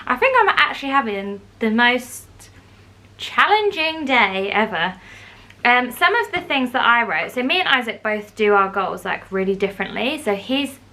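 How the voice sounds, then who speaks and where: Playful and laughing easily, a young woman vlogs casually to her phone camera as she moves through busy city streets and a café. She speaks a little high with a sharp tone, and the phone captures street and traffic noise around her.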